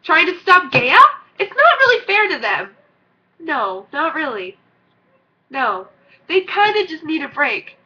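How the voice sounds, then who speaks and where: A teenage girl vlogging casually, an excitable, rambling fan who gushes and squeals. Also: high voice, a little slow, long pauses. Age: teens. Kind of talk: gushing casual vlog. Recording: dull lo-fi recording.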